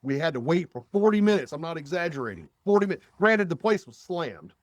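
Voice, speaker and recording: A man's voice: a little high, sing-song, quick pace, no echo. A man in casual podcast chat, telling a long story with many fillers and restarts. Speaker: podcast guest.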